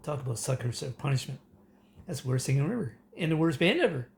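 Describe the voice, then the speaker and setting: A man's voice: medium pitch, big pitch swings, fairly quick, gravelly, a little mellow, slight background noise. A man from Canada ranting in a casual, rambling way, full of fillers and restarts and breaking into laughter. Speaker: political commentator. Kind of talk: casual rant to camera.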